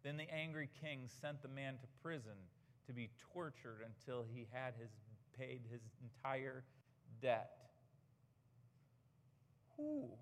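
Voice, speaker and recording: Speaking slowly and pausing often, a man with a medium-pitched voice delivers a sermon as a pastor. His preaching is earnest and emphatic, full of rhetorical questions, and the hall around him is reverberant.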